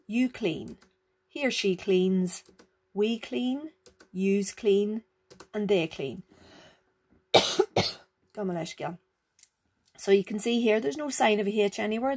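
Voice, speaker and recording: A woman teaching Irish grammar speaks at a medium pitch with a darkish tone. Patient throughout, she restates rules and checks that the learner follows, using "right?" and "okay?".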